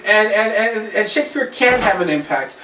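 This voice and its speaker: Guy with a high voice giving a speech, lots of uhs and restarts, echoey room, mic kinda far. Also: lively intonation, moderate pace, bright, forceful tone. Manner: hesitant, many fillers and restarts. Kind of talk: classroom speech.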